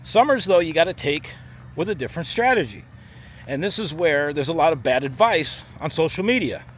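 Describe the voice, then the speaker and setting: A man's voice: a little high, lively intonation, fairly quick. A man, a firefighter paramedic, talking bluntly and emphatically to camera on a walk-and-talk vlog outdoors. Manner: blunt, emphatic, acts out body parts in voices. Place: outdoors in a theme park area. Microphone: handheld camera while walking. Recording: faint street and traffic noise outside.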